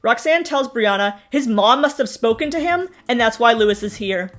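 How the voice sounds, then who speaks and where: A young woman with a fairly high voice running through a reality-show recap. Her delivery is sarcastic and full of mocking asides, with faint music under her talk. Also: lively intonation, normal speed. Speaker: TV recap host.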